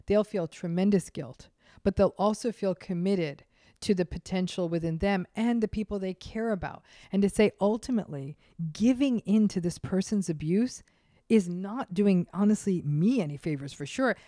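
A woman's voice: mid-range voice, normal speed, mellow, no room sound, studio quality. A woman psychologist, a guest on a podcast interview, who speaks emphatically and acts out the people she quotes.

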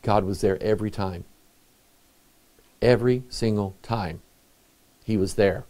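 A middle-aged male pastor with a lowish voice preaches in a plain, earnest, conversational manner. He speaks directly to his listeners and pauses between thoughts. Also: mellow. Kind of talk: sermon.

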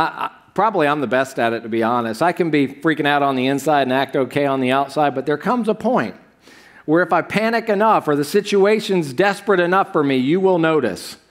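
Pastor guy preaching on a church stage, kinda high voice, chatty, keeps asking the crowd stuff. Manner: conversational, animated preaching with asides to the congregation. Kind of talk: sermon.

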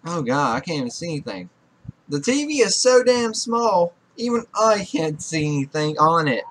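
With big swings in his fairly high pitch, this young YouTuber talks at a moderate pace over slight background noise. His Let's Play narration is full of swearing as he berates and commands the characters he's playing, audibly exasperated.

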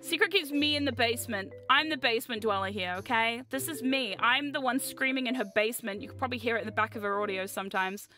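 A young woman with a New Zealand accent chatting on a livestream, chaotic and loud, laughing often and bursting into screams. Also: fairly high pitch, fast talker, few pauses, soft background music. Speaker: VTuber streamer. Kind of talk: casual livestream chat.

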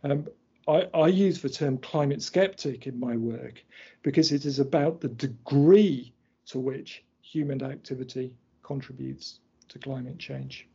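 A middle-aged man giving an academic lecture, explaining slides point by point in a measured, precise way. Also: mid-range voice, vocal fry, warm tone, slightly rough. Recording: dull lo-fi lecture recording.

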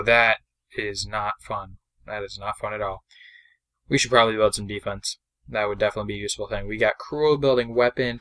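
A young man giving casual, chatty commentary over his own mobile game, excitable and self-deprecating, speaking into a desk mic. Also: medium pitch. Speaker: gameplay commentator.

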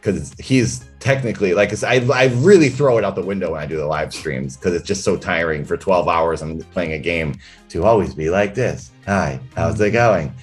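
A man with a notably deep, low-pitched voice chats as an interview guest. He speaks reflectively, thinking out loud as he goes, with faint music sitting under his voice. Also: a little fast. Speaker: interview guest, comedian and character performer. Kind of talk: casual interview chat.

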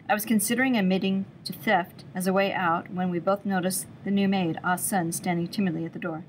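A woman narrating a chapter book aloud in a steady, expressive storytelling voice. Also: fairly low pitch, fairly quick, hardly any pauses, slight background noise, low-quality recording. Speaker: reader.

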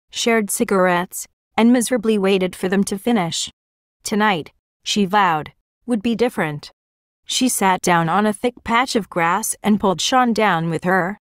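A woman reading a novel aloud as an audiobook narrator, in a steady, even manner. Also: mid-range voice, no room sound, clean studio sound.

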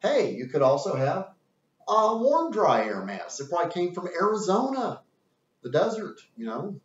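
A man's voice: sits high, wildly swooping pitch, normal speed. A man giving an informal lesson, chatty, asking and answering his own questions. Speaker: teacher. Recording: roomy, distant, dull sound.

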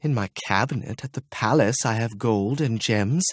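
A man voicing a timid, wistful young princess in an audiobook, speaking in a soft, husky half-whisper. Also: fairly low pitch, normal speed, no echo, studio quality. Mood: earnest.

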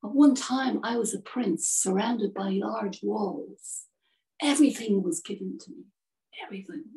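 Sad gentle statue prince, a woman doing him, hushed and slow, dark creaky voice. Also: mid-range voice, lightly acted. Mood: sorrowful. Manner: soft, hushed and sorrowful. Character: sorrowful male prince statue, gentle and grieving. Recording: distant from the mic.

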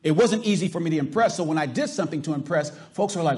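Emphatic preaching man, fairly high voice. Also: quick pace, a little mellow. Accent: Californian. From US South. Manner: emphatic preaching with rhetorical questions to the congregation. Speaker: pastor. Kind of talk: sermon.

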